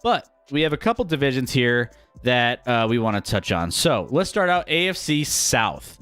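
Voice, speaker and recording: A man hosting a casual sports talk show, energetic and rambling as he previews the season. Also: medium pitch, normal speed, clear, resonant tone, faint music behind. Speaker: sports podcast host.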